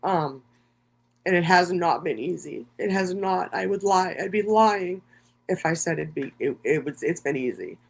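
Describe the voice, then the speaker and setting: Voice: medium pitch, expressive, moderate pace, creaky. A content creator talking through an emotional, rambling livestream monologue, swearing heavily and circling back on thoughts. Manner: many fillers and restarts.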